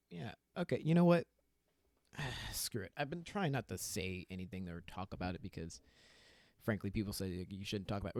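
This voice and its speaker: His voice is low and the recording dry. As a young adult podcast host, he rants alone, candidly poking fun at himself and repeatedly bursting into laughter.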